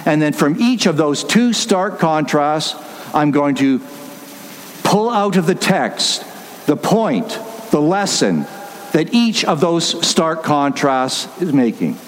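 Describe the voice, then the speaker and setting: A man's voice: fairly high pitch, sing-song, slow, slight background noise. A man preaching a sermon as pastor, emphatic and repetitive, laying out his points step by step.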